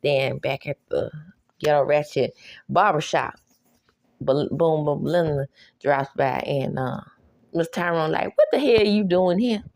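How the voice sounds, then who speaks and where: A woman's voice: low-pitched, lively intonation, measured pace, darkish tone, dry recording, clean studio sound. A woman recapping a TV episode in a casual, sassy way, laughing often and acting out the characters' lines. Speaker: recap host. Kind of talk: casual show recap with reactions.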